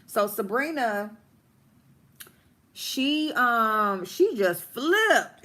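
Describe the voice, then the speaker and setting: A woman telling a story during a livestream, animated and blunt, with plenty of swearing. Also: mid-range voice, measured pace. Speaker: livestream host. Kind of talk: casual storytime rant.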